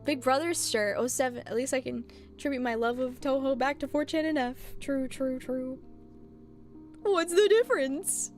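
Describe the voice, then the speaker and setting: A woman streamer chatting casually with her viewers, animated and blunt, laughing often. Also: high-pitched, moderate pace, faint music behind.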